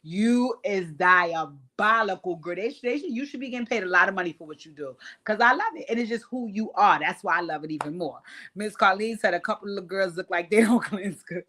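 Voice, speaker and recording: A young adult woman hosting a casual commentary vlog, recapping reality TV. She talks in a sassy, blunt, profane way, with big jumps in pitch and volume. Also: expressive, fairly quick, pushed and bright.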